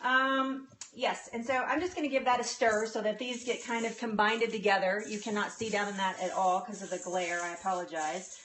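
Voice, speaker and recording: A woman's voice: mid-range voice, steady tone, normal speed, fairly bright tone. A woman hosting a casual live baking demonstration from her small home kitchen. She is bubbly and chatty, laughs often, greets viewers as they join, and keeps stopping to correct herself. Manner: flustered, with frequent restarts and self-corrections. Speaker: host of a live baking demo.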